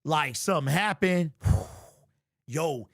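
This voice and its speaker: Sports host, man, high voice with bouncy swings; jokey, over-the-top, slangy delivery. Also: very slow, vocal fry, no room sound, clean studio sound. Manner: animated, joking and hyperbolic, slangy. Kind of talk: casual sports commentary.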